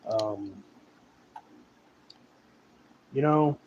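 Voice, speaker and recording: A man's voice: on the low side, slow pace, muffled recording, a little hiss or hum. A man giving a casual, profane, rambling rant as a horror writer reviewing a film.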